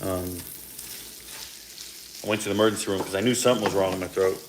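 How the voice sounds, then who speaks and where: Standing at his kitchen stove at home, a man in his forties talks loosely to his cooking-channel audience as food sizzles faintly. He speaks low, steady and fast amid background noise, drifting into asides and coughing slightly from a sore throat.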